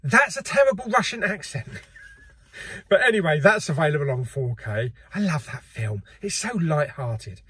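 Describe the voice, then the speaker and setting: Man, middle-aged, husky voice, fairly high, chatty and jokey, dry sound. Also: big pitch swings, moderate pace, fairly bright tone, dry recording. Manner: chatty and jokey, laughs often. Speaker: host. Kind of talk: casual chat.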